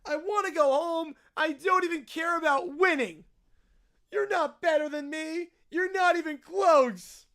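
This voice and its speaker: Man playing a spoiled little boy in a tantrum, high whiny voice, wild pitch swings, yelling and whining. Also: lively intonation, normal speed, exaggerated voice.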